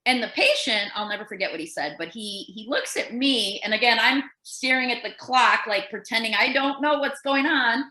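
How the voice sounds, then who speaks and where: A woman's voice: fairly high pitch, normal speed, few pauses, roomy sound, poor audio. A nurse and podcast co-host, a woman telling a story casually and acting out the voices of the people in it. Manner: animated storyteller who acts out quoted voices.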